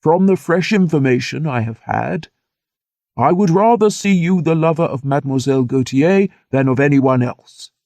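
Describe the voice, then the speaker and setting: A man playing a measured, paternal older father. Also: a little high, lively intonation, darkish tone, dry recording.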